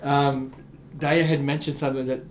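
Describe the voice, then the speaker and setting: A man's voice: mid-range voice, little pitch movement, moderate pace. Middle-aged male author, earnest storytelling guest, stumbles into sentences, faint background hiss. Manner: earnest, repeats words when starting sentences. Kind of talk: reflective storytelling interview.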